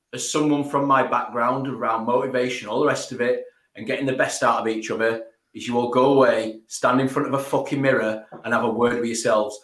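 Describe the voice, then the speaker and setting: A passionate man ranting bluntly on a fan podcast, swearing freely. His voice sits at a middle pitch. It carries a roomy echo. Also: fairly bright tone. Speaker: co-host of a fan channel. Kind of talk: post-match fan podcast.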